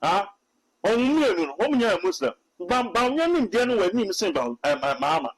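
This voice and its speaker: Ghanaian male prophet, high voice, preachy and halting. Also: very animated, gravelly, rough recording. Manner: preachy, repetitive, hesitant restarts. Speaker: self-styled prophet. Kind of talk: animated Twi commentary mixed with English.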